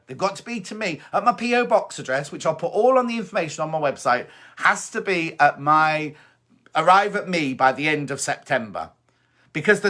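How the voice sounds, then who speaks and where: A man's voice: on the high side, bright, forceful tone. A man hosting a sewing live stream from home, chatting and reading out viewer comments in an upbeat way. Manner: chatty, upbeat, repeats points, reads comments aloud. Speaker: sewing show host.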